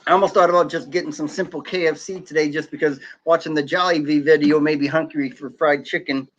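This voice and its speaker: A man's voice: a little high, fairly even intonation, fast talker, slight background noise. Chatty man hosting a home live stream. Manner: chatty, reads viewer comments aloud. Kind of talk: casual live stream chat. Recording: slightly dull lo-fi sound.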